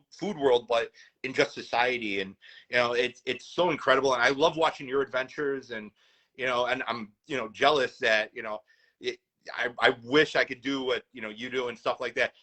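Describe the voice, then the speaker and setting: A man's voice: mid-range voice, pushed and bright, poor audio. A man from Chicago, a guest in a casual chat, talking eagerly with lots of "you know". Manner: eager and upbeat, many "you know" fillers. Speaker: guest, food business owner.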